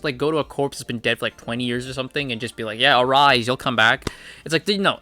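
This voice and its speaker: A man recapping comic chapters in a casual, chatty way, with lots of fillers and quick asides. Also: a little high, sharp tone. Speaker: comic reviewer.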